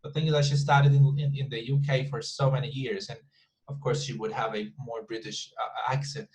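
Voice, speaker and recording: A man's voice: medium pitch, flat delivery, a little mellow, poor audio. Casual man teaching online English class. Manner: casual, repeats words slowly to model pronunciation.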